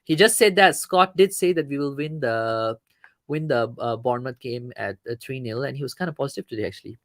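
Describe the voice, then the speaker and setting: A man from Malaysia hosts a casual football talk stream, chatting loosely with a co-host and reading out viewer comments. His voice sits at a middle pitch and sounds close and dry, with hardly any room around it. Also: fairly quick, no room sound. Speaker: show host.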